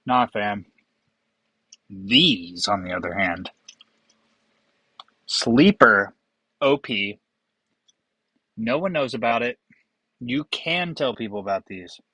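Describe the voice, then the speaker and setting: A man's voice: on the low side, expressive, slow pace, pauses often, bright, forceful tone, husky, dry recording, poor audio. A young man hosting a casual whiskey tasting, rambling and joking with profane asides. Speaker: whiskey vlogger.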